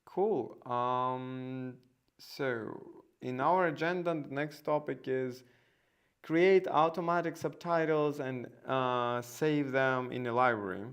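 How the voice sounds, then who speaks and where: A man's voice: mid-range voice, takes it slowly, smooth. A man hosting a casual live stream, talking hesitantly with many fillers and restarts. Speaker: host.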